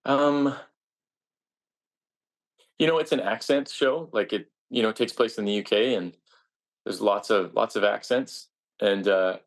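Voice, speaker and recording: A man's voice: lowish voice, unhurried, pauses often. A man, a stage actor, answering interview questions in an earnest, reflective way with frequent restarts.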